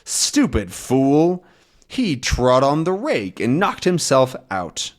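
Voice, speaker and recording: A man's voice: medium pitch, wildly swooping pitch, slow pace, pitched above the performer's own voice. A cowardly henchman from a comic book, who whines and pleads, as a man puts him on. The voice is pushed well above the reader's own and moves up and down a lot. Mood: scornful. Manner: whiny and pleading. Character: cowardly male henchman, scheming then pleading.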